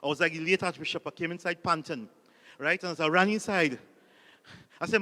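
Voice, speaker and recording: A man's voice: fairly high pitch, a little fast, pauses often, bright, forceful tone, in a large hall. A man with a Trinidadian accent, a Catholic priest giving a humorous motivational talk full of stories and audience call-and-response. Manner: jokey storyteller, calls on the audience to repeat lines.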